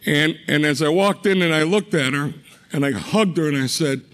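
A middle-aged man with a notably high voice shares a personal faith testimony. He speaks earnestly and haltingly, circling back on words and restarting phrases as he tells his story. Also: a bit bright.

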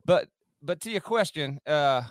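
A man's voice: fairly high pitch, expressive, measured pace, no room sound, clean studio sound. A man playing a folksy coach with a put-on Southern drawl and homespun sayings. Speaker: podcast co-host.

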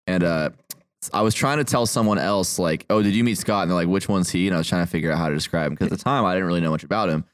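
A man on a casual podcast, a guest making quick, dry remarks. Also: low voice, dry recording. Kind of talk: casual chat.

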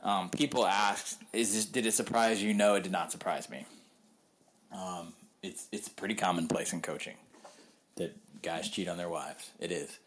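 A man with a very low voice talks through his reporting as a guest on a podcast. He speaks candidly and loosely, stopping and restarting often with plenty of ums, in an easy conversational way. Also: normal speed, slight background noise. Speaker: sports reporter. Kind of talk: casual podcast interview.

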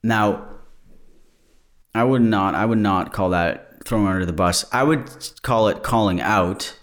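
Deep-voiced man, candid podcast host. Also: a little slow. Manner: candid and digressive, breaks off mid-thought. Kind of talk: casual solo podcast monologue. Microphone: camera-recorded.

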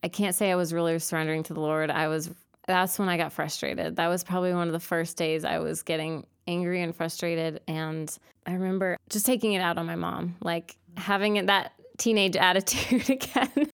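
A woman's voice: lowish voice, steady tone, fairly quick, smooth. A young woman telling an emotional personal faith story as an interview guest. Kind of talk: testimony interview.

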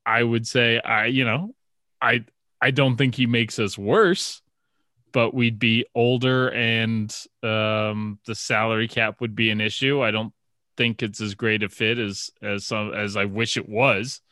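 A man's voice: on the low side, level tone, measured pace, bright, forceful tone, no room sound, clean studio sound. A man co-hosting a sports podcast, chatting casually and rambling through stories with lots of fillers and restarts. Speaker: podcast co-host.

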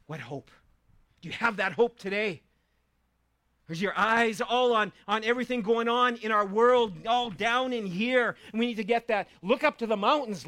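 Middle-aged male pastor, bright and ringing tone, conversational sermon with sudden loud emphasis. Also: high voice. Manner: conversational storytelling, swings from quiet asides to loud emphasis.

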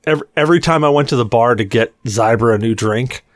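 A young man co-hosting a podcast tells a rowdy story casually, swearing and acting out quotes with lots of animation. His mid-range voice runs fast, and the recording is dry with clean studio sound.

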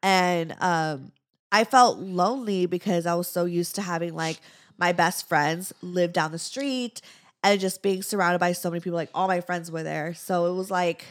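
A woman's voice: on the low side, moderate pace. A woman co-hosting a podcast, chatting casually with many fillers and laughing often. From Southern California. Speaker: podcast co-host. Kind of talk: casual chat, reading a listener letter.

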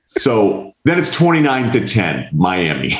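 Speaking slowly in a fairly low register, this male podcast host tells a lengthy story in casual chat, bringing the people in it to life by mimicking their quotes and cursing freely. His delivery is animated, and the sound is reverberant.

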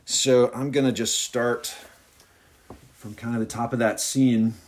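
A man with an Alabama accent chatting haltingly as a podcast guest, then reading aloud from his own novella. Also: mid-range voice, little pitch movement. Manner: halting, many fillers and restarts when chatting.

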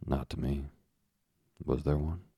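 A man reading the part of a kindly, fatherly middle-aged ship owner in a calm storybook voice. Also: extremely low pitch, slow, husky, no echo, studio quality, heavily acted. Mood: questioning.

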